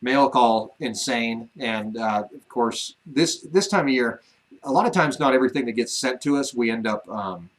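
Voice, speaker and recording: A man's voice: mid-range voice, normal speed, low-quality recording. Easygoing man co-hosting a ranch livestream. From Wyoming. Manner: easygoing, many fillers and restarts, teasing. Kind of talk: casual live-stream chat.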